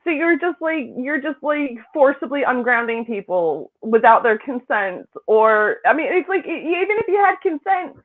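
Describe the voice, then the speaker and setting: A woman psychic co-hosting a casual chat, incredulous and rambling, quick to laugh. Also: sits high, big pitch swings. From Britain. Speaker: psychic co-host. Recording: tinny phone-like line.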